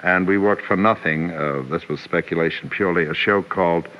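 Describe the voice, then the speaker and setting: An older male actor reminiscing in an interview, rambling and hesitant with many pauses. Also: sits low. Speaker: actor guest. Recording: dull radio recording with faint hiss.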